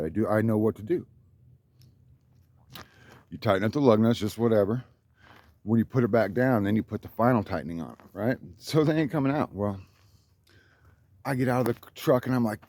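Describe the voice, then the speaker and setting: A man's voice: on the low side, a little fast, pauses often, darkish tone, no echo. A man telling a rambling, profane story about his life, boastful and worked up. His voice jumps up when he quotes other people. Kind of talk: rambling monologue.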